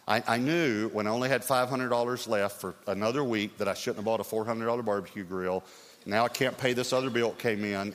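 A middle-aged man preaching a sermon as pastor, telling stories in an animated, lively way. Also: mid-range voice, normal speed. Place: church sanctuary. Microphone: stage mic. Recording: long hall reverb.

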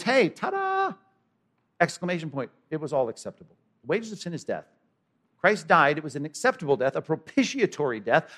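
A male pastor delivers an animated sermon, swinging from loud exclamations to hushed asides and putting questions to the congregation. His voice is on the high side.

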